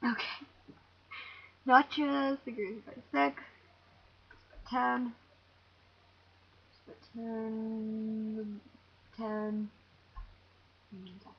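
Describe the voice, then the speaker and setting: A young woman narrates her own gameplay in a slow, higher-pitched voice, jumpy and excitable, talking to herself as she goes. She sounds shaky and close to tears. The home recording is dull and lo-fi, with a faint hiss underneath. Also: breathy edge. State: shaky and teary. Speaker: gamer. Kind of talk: let's play commentary.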